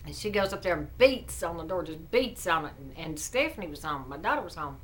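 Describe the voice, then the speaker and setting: A woman's voice: sits low, animated, brisk, a little hiss or hum, low-quality recording. A middle-aged woman, telling a neighbor story in a chatty, indignant vlog rant. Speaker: vlogger.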